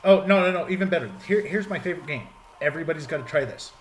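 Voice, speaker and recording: A man's voice: a little high, animated, rapid-fire. A man with a slightly raised voice tells jokey stories in a casual chat. There is faint hiss behind him, and his delivery stays loose and playful.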